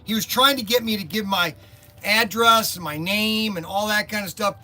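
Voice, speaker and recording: Chatty high-voiced guy rambling on a stream. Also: moderate pace. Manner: rambling, animated storytelling, joking. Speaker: host of a toy and hobby shop livestream. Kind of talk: casual livestream chat. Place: warehouse workspace.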